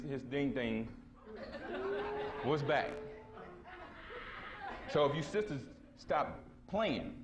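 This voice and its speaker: A man with a drawl holds forth at a conference podium. His talk is street-casual and blunt, full of emphatic asides, and he slips into the voices of the people in his stories. His pitch sits in an ordinary middle register, with a faint hiss of noise behind him. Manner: blunt, slangy and emphatic, acting out quoted voices. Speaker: conference speaker. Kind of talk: casual storytelling lecture to a live audience. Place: conference hall before an audience.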